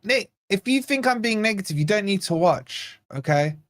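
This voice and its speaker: A man's voice: high-pitched, animated, normal speed, fairly bright tone. A man hosting a live football watch-along, blunt and sarcastic, venting about his team as the match plays out. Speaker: fan channel host.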